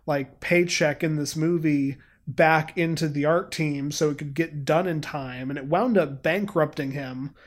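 A man co-hosting a podcast, talking casually in a halting, rambling way with fillers and laughs. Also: a little high, fairly even intonation. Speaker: podcast co-host. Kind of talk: casual chat.

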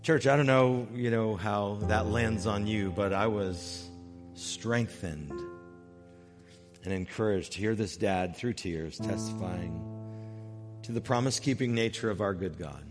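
A man preaching a sermon as pastor, earnest, rising loud on key points and dropping soft and slow when moved. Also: on the low side. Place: church sanctuary. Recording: long hall reverb with faint music.

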